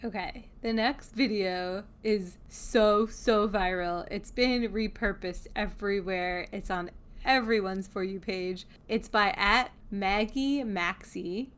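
A woman's voice: medium pitch, takes it slowly, fairly bright tone, clear, resonant tone. A woman co-hosting a podcast, chatting in an upbeat, easy-going way. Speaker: podcast co-host. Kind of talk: casual chat.

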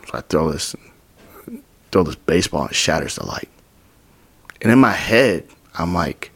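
Young man, gravelly and husky, low voice, animated storytelling, whispered and squeaky quotes. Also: normal speed, pauses often. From Utah. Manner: animated, acts out quotes with whispers and sudden high bursts. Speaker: podcast guest. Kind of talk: storytelling in casual interview.

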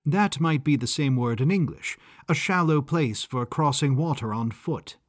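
A man voicing Elizabeth, a sharp, inquisitive woman sleuth in an audio story, over faint music. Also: medium pitch, expressive, normal speed, dry recording, studio quality, close to an everyday voice. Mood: explaining.

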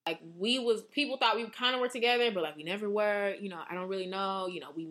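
A young woman co-hosting a podcast in casual chat, slangy and animated, acting out the reactions she would have. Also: medium pitch, fast talker. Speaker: podcast co-host.

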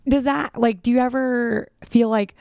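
A woman's voice: fairly high pitch, fairly even intonation, normal speed, vocal fry, darkish tone, dry recording, studio quality. A woman chatting casually, telling personal stories full of fillers. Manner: chatty storyteller, filler-heavy. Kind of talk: casual chat.

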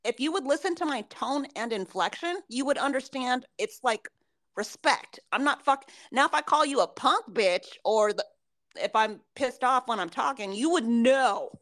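Woman podcast co-host, blunt, cussing, emphatic, fairly high voice. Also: animated, normal speed, a bit bright. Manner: blunt, swearing freely, emphatic. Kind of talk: casual chat.

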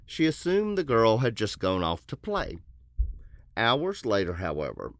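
Male podcast host, deep voice, casual true-crime narrator who jokes between passages. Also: wildly swooping pitch, a little slow, no echo. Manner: joking asides, puts on silly voices for quotes. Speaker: podcast host telling a case.

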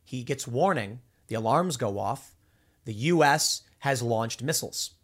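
A man hosting a political commentary show, talking in an animated, rambling monologue with many restarts. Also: medium pitch, measured pace.

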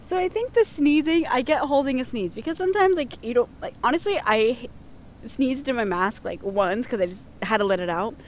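A young woman with a slightly high voice chats her way through listener submissions. She giggles often and leans on fillers. Faint noise sits behind her. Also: lively intonation, fairly quick. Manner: giggly, chatty, lots of fillers. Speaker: host reading listener submissions. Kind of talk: casual chat.

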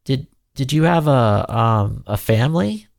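A man's voice: medium pitch, animated, measured pace, creaky, pitched above the performer's own voice. A man voicing an earnest, kind-hearted young man who stammers and apologizes. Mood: eager.

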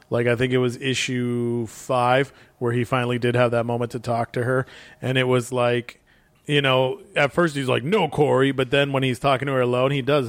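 A man's voice: mid-range voice, dry recording. A man chatting casually about comics, enthusiastic and rambling, quoting characters as he goes.

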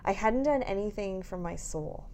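A woman's voice: mid-range voice, moderate pace. A woman in her thirties, a mother of babies, telling a candid story in casual chat with lots of laughs and frank swearing. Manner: animated storytelling, laughing, swearing, acting out quotes.

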